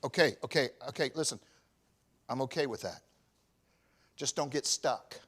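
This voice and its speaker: Man, pastor in his fifties, bright tone, medium pitch, preaching in a church, loud emphatic peaks then hushed low passages. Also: moderate pace, breathy edge. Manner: swings from shouted emphasis to quiet confession. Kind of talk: sermon.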